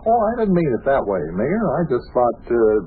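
A man's voice: mid-range voice, big pitch swings, brisk, close to an everyday voice. An actor playing a flustered bedridden young man protesting to his visitors, on an old radio show. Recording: tinny old radio broadcast with faint hiss.

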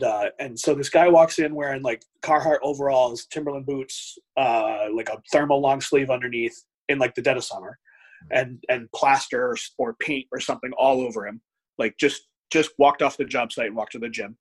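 A man in his thirties with a husky, mid-pitched voice tells a long story in casual chat. He swears freely and acts out what each person said. He keeps a loose, animated rhythm. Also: low-quality recording. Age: 30s. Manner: animated storyteller, frequent profanity, acts out quotes.

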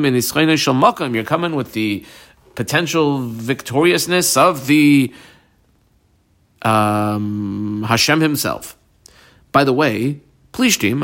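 A man teaching a Talmud class, translating terms one by one and telling students what to underline, with frequent pauses and fillers. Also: mid-range voice, fairly bright tone. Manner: translates terms one by one, marks the text aloud. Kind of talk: line-by-line text study class.

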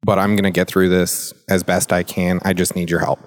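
A man with a very low voice talks in a relaxed, loose way, full of "like" fillers. His delivery stays steady and flat as he poses open questions to his co-hosts in an easygoing conversation. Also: brisk. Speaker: podcast co-host and youth mentor. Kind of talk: casual discussion.

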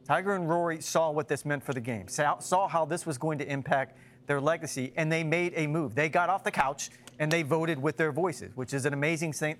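Man, golf analyst, emphatic, frank opinions, slightly higher voice. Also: fairly bright tone. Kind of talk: studio sports discussion.

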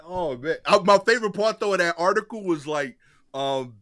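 A man's voice: sits high, expressive, moderate pace, pushed and bright, no room sound, studio quality. A man in casual podcast chat, telling a story in slang.

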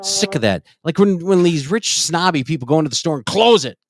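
A man's voice: on the high side, expressive, fairly quick, dry recording, faint music behind. A middle-aged man co-hosting a comedy podcast, brash and profane, ranting in casual chat. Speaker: podcast co-host.

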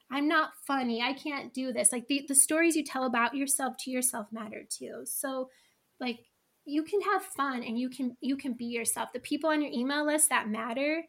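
Middle-aged woman, high voice, chatty podcast guest, lots of "like"s. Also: gravelly, fairly bright tone. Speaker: guest, email copywriter. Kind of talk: casual podcast interview.

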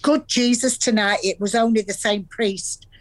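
An actress playing a chatty Salford gran. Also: female voice, a little high, fairly even intonation, lightly acted. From Salford, England. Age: older. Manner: storytelling, earthy, quick to laugh. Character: warm chatty Salford grandmother with dementia. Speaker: grandmother.

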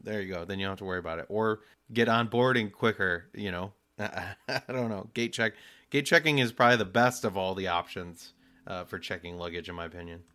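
Bright-toned man in casual podcast banter. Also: low-pitched, a little fast. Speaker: podcast co-host. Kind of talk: casual chat.

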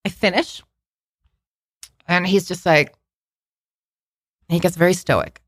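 A woman telling a personal story on a podcast, in a casual, animated way, acting out what people said with many fillers. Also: on the low side, takes it slowly, pauses often, slightly rough, no room sound, studio quality. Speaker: guest telling her story.

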